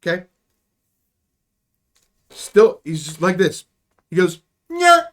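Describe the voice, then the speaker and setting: A man's voice: high voice, steady tone, slow pace. A man hosting a livestreamed podcast, telling a rambling, profane comic story about his school days. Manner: rambling, profane, self-deprecating. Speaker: podcast host.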